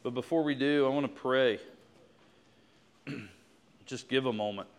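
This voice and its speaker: Male pastor, smooth resonant voice, fervent sermon delivery. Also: mid-range voice, a little slow. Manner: impassioned, rising to fervent prayer. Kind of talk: sermon closing and prayer.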